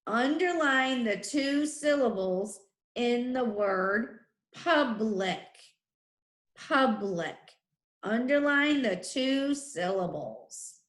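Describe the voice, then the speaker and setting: Slow, careful woman teaching phonics. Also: fairly high pitch, animated, a bit bright. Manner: slow, clear, sounding out letters and syllables. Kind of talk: phonics lesson for children. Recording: echoey room.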